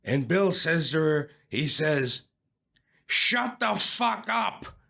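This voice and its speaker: A man's voice: fairly high pitch, very animated, slow, creaky, sharp tone, heavily acted. A man playing a boastful older male president who tells crude jokes in a rambling, repetitive way. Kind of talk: comedic impression in an audio play.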